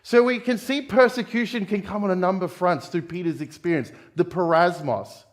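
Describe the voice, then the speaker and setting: Brief: Australian man, pastor type, casual but earnest sermon delivery, voice sitting a touch high. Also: brisk. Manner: conversational, addresses listeners as guys and friends. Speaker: preacher. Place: church.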